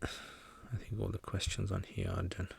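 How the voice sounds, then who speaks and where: Relaxed low-voiced man hosting a livestream. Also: a little slow, vocal fry, breathy edge. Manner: relaxed, joking, reads out viewer comments. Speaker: Islamic teacher answering viewer questions. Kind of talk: casual livestream Q&A.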